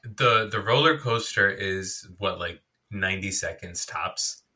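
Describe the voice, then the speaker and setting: A man in his thirties co-hosts a podcast, chatting casually in a loose, rambling, self-deprecating way with lots of filler words. His voice sits low, with a sharp tone and an unhurried pace.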